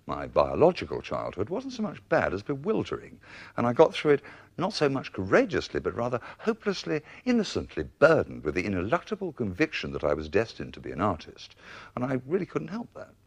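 A man's voice: mid-range voice, wildly swooping pitch, brisk, breathy edge. An English man telling a spoken-word memoir in wry, ornate, theatrical language. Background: instrumental music.

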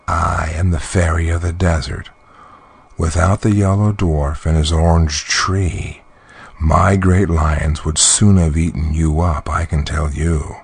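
Storybook: a man doing a wicked old crone fairy, deep and husky, threatening. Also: no room sound, exaggerated voice. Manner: threatening, cackling cries. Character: wicked ugly old female desert fairy.

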